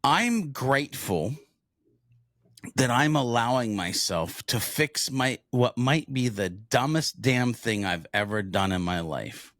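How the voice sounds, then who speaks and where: A man's voice: medium pitch, expressive, takes it slowly, fairly bright tone, no echo, clean studio sound. A middle-aged man co-hosting a casual podcast, earnest and reflective, building to emphatic thanks. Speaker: podcast co-host. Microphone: video podcast camera with close mic.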